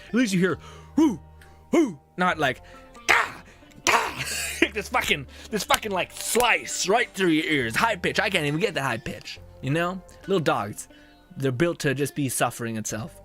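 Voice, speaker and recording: A young man streaming a game chats loosely with his viewers in a slightly high voice. He rambles, swears freely and laughs between phrases, with faint game music under him. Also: expressive, brisk, fairly bright tone. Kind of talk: casual chat with viewers while gaming.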